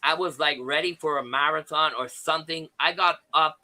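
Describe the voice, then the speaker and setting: A man, a guest on a live panel, telling a personal story in a halting way with many restarts and fillers. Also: fairly high pitch, pushed and bright, poor audio.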